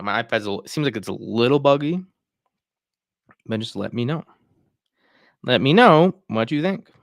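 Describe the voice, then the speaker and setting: A man's voice: mid-range voice, no room sound, clean studio sound. A man hosting a casual livestream, chatting and reacting to viewer comments. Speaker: livestream host.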